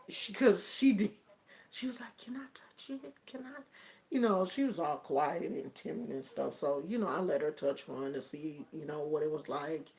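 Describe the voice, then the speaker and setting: A woman from the United States telling a personal story on her vlog in a casual, colloquial way. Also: low-pitched. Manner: slow, drawn-out and colloquial, with many fillers.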